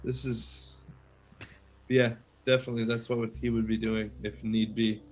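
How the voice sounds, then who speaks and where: A man explaining his character's actions as a tabletop player, halting and restarting his sentences. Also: on the low side, flat delivery, poor audio.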